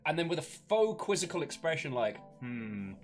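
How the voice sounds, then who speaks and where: A man's voice: on the high side, very animated, moderate pace, soft background music. A man playing in a tabletop game, friendly, coaxing and playful in character. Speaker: player. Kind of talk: in-character play.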